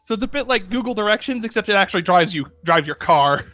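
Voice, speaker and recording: Man, high voice, game master, casual and chatty, laughs often. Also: expressive, fast, pushed and bright, no echo, soft background music. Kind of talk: narrating a tabletop game.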